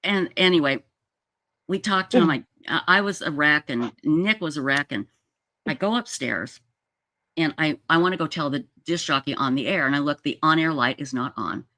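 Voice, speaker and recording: Laughing, animated woman storyteller. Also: sits low, normal speed. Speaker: livestream host. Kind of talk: casual storytelling chat. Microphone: video call.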